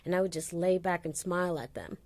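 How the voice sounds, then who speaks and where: Animated woman telling personal stories. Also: fairly low pitch, brisk, no echo. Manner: animated storytelling, acting out quoted voices. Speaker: guest. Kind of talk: candid interview conversation.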